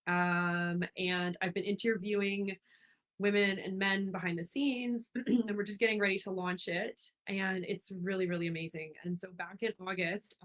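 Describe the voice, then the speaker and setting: A woman's voice: on the low side, a bit bright, poor audio. Woman from ontario chatting on a livestream, gushy and rambly, lots of likes and ums. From Ontario, Canada. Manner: effusive, rambling, with many fillers and restarts. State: getting emotional. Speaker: host of a speaker series. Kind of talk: casual live-stream monologue.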